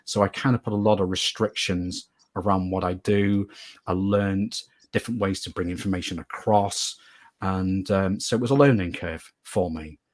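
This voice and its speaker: A man with a very low, husky voice sits as a guest in an interview. He tells a long personal story in an earnest, rambling way, circling back and repeating phrases to drive them home. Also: steady tone, moderate pace. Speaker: guest medium.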